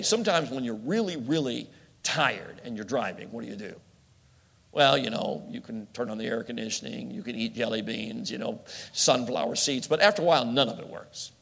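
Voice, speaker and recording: A man preaching a sermon in a lively, conversational way, often putting questions to the congregation. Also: medium pitch, vocal fry. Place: church hall. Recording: long hall reverb.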